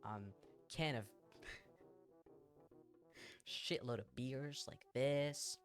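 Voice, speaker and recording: A man telling a wild personal story on a live stream. He talks at a medium pitch, swears freely, and fills his lines with "like" and laughs. Faint music plays behind him. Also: drawn-out words. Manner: animated, profane, lots of fillers and laughter.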